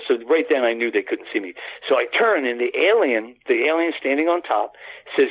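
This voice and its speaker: A man's voice: mid-range voice, lively intonation, fairly quick, slightly rough, narrow, tinny audio. A man guest on a radio show, telling a long story in a rambling way with many restarts. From United States. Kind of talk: casual storytelling.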